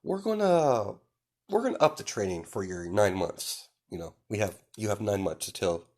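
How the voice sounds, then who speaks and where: A proud, fierce mother, as a man puts her on, coos endearments in a raised, lilting voice. Under the sweetness sits a cold streak that flares into sharp indignation. It is told as an amateur storybook reading. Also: lowish voice, expressive, moderate pace. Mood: firm. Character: doting, fierce middle-aged mother, proud and ruthless.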